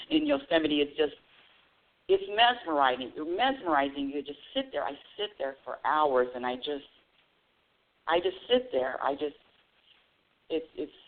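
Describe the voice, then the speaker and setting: A woman radio show host telling a casual, animated story about her week, with bursts of high excited squeals. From United States. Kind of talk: casual spiritual talk monologue. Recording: tinny phone-line audio.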